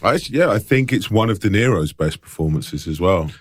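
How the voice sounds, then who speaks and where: Co-host, male, very low voice, dry sound, easygoing chatty delivery. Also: expressive, fast, no room sound. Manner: chatty, laughs often, fillers like "you know what I mean". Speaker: podcast co-host. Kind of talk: casual film chat.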